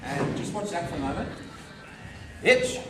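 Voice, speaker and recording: A karate instructor teaching a class, drilling the students with call-and-response and calling out counts with energy. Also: male voice, fairly high pitch, expressive, moderate pace. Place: large training hall. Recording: echoey hall from far off, noisy.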